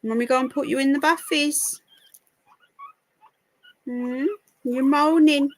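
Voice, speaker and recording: A woman's voice: high-pitched, fairly even intonation, slow pace, slight background noise. A woman hosting a casual live stream, talking to her pets in cooing baby talk. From United Kingdom. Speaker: livestream host.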